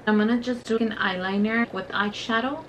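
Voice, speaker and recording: A woman's voice: fairly high pitch, fairly even intonation, normal speed, low-quality recording. A young woman, telling a story in casual, profane, filler-heavy talk while doing her makeup on camera. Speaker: beauty vlogger.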